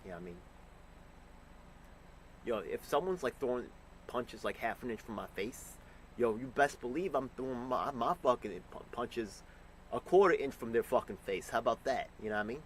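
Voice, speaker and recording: A man angrily reacting to a news clip, ranting and swearing with sudden loud bursts. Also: medium pitch, animated, moderate pace, slight background noise, poor audio. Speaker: commentator reacting to news clips. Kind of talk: profane reaction commentary.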